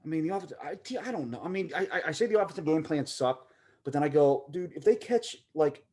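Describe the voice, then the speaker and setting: A man's voice: a little high, quick pace, a little mellow. A man co-hosting a casual sports podcast, joking and talking in rambling runs with many stammering restarts. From Pittsburgh area. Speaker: podcast co-host.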